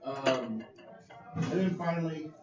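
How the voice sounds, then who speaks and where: A man leading a small group Bible study, teaching in an earnest, halting way with many pauses. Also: on the high side, loud music behind the voice. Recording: roomy lo-fi sound from a distant mic.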